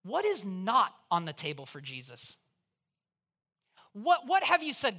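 A preacher giving a conversational, animated sermon in church, putting questions straight to the listeners. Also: medium pitch, measured pace, pauses often. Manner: acts out voices in quotes.

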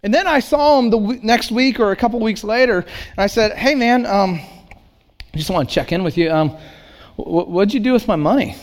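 High-voiced man preaching a sermon. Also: a little fast. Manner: storytelling, conversational. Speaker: pastor.

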